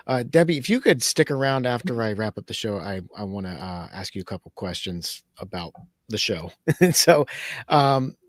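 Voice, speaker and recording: A man hosting a talk show, signing off in a relaxed, halting way. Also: medium pitch, dry recording, clean studio sound. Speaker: host.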